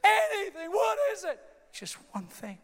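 A man voicing a desperate young male boxer who shouts and sobs as he pleads. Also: very high voice, slow pace, vocal fry, pitched above the performer's own voice, heavily acted. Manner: shouting and sobbing, heavily emotional. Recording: long hall reverb.

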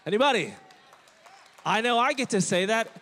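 High-voiced preaching man with hall reverb. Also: moderate pace, some chatter behind. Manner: energetic, calls for congregation response; jokey, playful asides. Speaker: pastor. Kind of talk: sermon. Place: church sanctuary. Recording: long church-hall reverb.

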